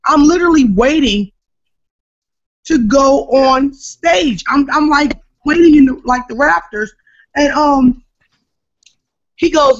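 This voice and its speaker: A woman comedian from New Jersey, telling an animated, emphatic story as a podcast guest. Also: sits high, slow, long pauses. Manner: animated, emphatic storyteller who shouts at the punchlines. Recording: dull lo-fi podcast recording.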